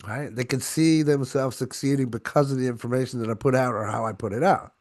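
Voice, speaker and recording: A man giving an online sales training to his own camera, talking in an energetic, conversational way and often checking in with "right?". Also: medium pitch, brisk.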